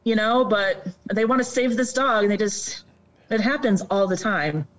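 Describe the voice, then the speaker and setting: A woman on a casual podcast, explaining her point earnestly in a mid-pitched voice. She keeps a steady, conversational flow and now and then mimics other people in a higher voice. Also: moderate pace, recorded from a distance, low-quality recording. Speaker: guest on animal welfare.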